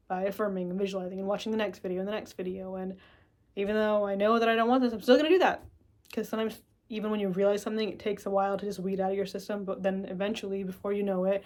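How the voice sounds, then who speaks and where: A woman vlogger talking to camera in a loose, reflective monologue. Her voice sits at an ordinary middle pitch, and she rambles with plenty of swearing. Now and then she acts out her own inner thoughts. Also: a little mellow.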